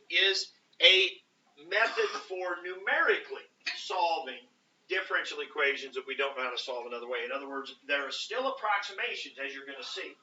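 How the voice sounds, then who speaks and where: A man's voice: sits high, bright, forceful tone. A man teaching a math class, talking casually with many fillers and often checking in with the students. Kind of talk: classroom lecture. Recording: roomy, distant, dull classroom audio.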